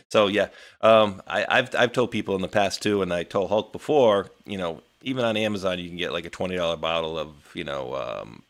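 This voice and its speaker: A man with a very low voice co-hosts a live talk stream, talking in a loose, rambling way full of restarts and asides. He sounds indignant as he chats about current events. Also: animated, a little fast. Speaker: co-host of a weekly live show. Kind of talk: casual political chat.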